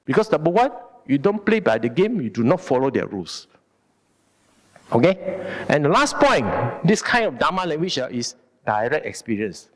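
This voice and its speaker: A man with a Malaysian English accent giving a Buddhist Dharma talk in an animated, colloquial and emphatic way. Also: fairly high pitch, moderate pace. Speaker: Dharma speaker. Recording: long hall reverb.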